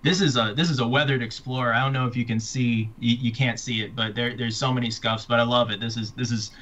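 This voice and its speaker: A man's voice: mid-range voice, steady tone, fairly bright tone, lo-fi sound. A man, an author, chatting casually about his books and readers, stumbling and restarting often. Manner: halting, many restarts and fillers. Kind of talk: casual chat.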